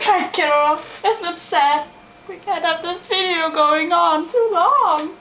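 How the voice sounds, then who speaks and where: A woman's voice: very high-pitched, slow pace, sharp tone, echoey room, slight background noise. A hyper, giggly woman chatting playfully in a silly casual vlog. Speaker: vlogger.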